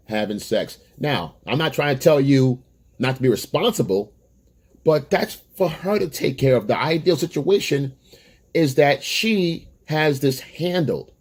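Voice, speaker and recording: Blunt man lecturing on dating. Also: mid-range voice. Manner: blunt, emphatic, lectures and repeats himself. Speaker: dating coach. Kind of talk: direct-to-camera advice monologue.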